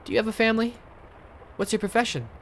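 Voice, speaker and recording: A man voicing a lonely, warm-hearted older male innkeeper in a video game, with a put-on foreign accent and a halting, earnest delivery. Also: sits high, very animated, slight background noise, pitched above the performer's own voice. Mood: wistful.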